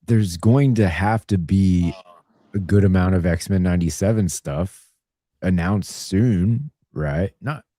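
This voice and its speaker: Low, mellow man speaking hesitantly. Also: slow, dry recording, clean studio sound. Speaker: toy collecting livestream co-host. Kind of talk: casual chat.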